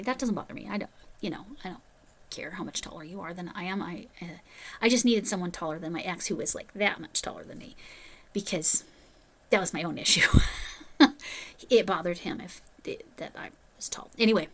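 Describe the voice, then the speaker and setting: Woman, casual storyteller, rambling and self-mocking, mid pitch. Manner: chatty, rambling asides, self-deprecating. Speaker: crochet vlogger.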